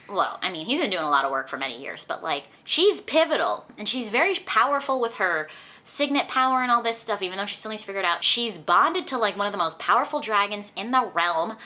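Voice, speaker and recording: A young woman chatting through a book recap for her vlog, animated and full of "like", recorded at home. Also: medium pitch. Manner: chatty, animated retelling with lots of "like". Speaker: book vlogger. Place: indoors at home, sunlight on her face.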